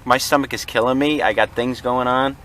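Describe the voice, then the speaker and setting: A man's voice: mid-range voice, steady tone, brisk, a bit bright, a little hiss or hum. A man vlogging casually from a car, joking, laughing often and mimicking friends in silly voices. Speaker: reseller vlogger. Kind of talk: casual car vlog chat.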